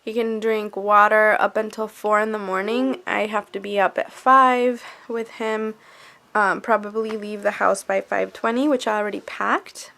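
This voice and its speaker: A woman's voice: fairly even intonation, moderate pace, gravelly, bright, forceful tone. A young woman vlogging as a mother, talking anxiously and rambling with fillers and trailing thoughts. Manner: breaks into high playful baby talk with her son. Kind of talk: casual vlog to camera.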